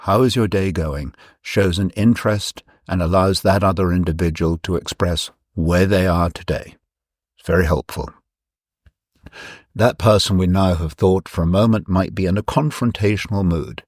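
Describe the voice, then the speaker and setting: Low husky-voiced man explaining calmly. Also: no room sound, studio quality. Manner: measured, explanatory, repeats phrases for emphasis. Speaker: speaker presenting his ideas. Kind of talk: reflective talk.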